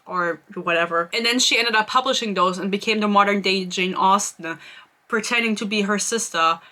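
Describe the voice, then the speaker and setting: A woman's voice: mid-range voice, normal speed, bright, forceful tone. A young woman giving a rambling, sarcastic book review in a casual vlog, swearing freely.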